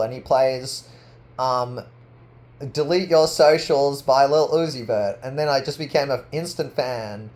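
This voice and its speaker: Rambling man talking to camera. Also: slow pace. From Australia. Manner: rambling, heavy use of "like", swings from loud boasting to low murmuring. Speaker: artist vlogger. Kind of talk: rambling personal monologue to camera.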